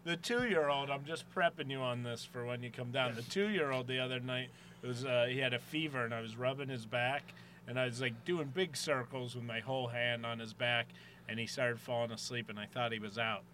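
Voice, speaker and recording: A man's voice: medium pitch, fairly quick, slight background noise. A man in his thirties hosting a podcast, telling family stories in casual chat and laughing often. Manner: animated storyteller, laughs often. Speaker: podcast host.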